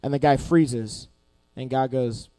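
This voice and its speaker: A man's voice: mid-range voice, steady tone, slow, warm tone, no room sound. A young man giving a youth sermon, a casual, joking storyteller who acts out quotes as he goes. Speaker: youth pastor. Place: church youth service hall.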